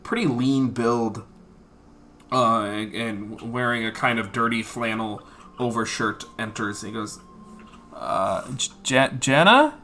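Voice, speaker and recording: Guy running a tabletop game, bright tense voice, lots of ums, bit of noise behind. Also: lowish voice, flat delivery. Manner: halting, with many fillers. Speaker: game master.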